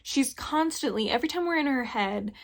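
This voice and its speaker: A woman's voice: high-pitched, animated, brisk. Chatty young woman rambling about a book. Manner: rambling, frequent "like" fillers, frank. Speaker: book reviewer. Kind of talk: casual book review chat.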